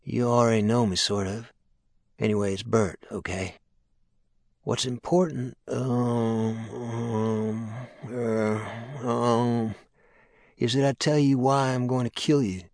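A man's voice: mid-range voice, fairly even intonation, slow, darkish tone, no room sound, studio quality. A man voicing a hesitant young male caller who stammers with ums and uhs. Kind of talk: audiobook character voice.

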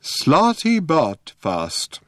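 A weary old alien planet-builder, as a male audiobook narrator puts him on, drawn-out and grave, pitched well above the reader's own low voice. He sounds wistful and stern. The reading is close and dry. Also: wildly swooping pitch, dry recording, exaggerated voice.

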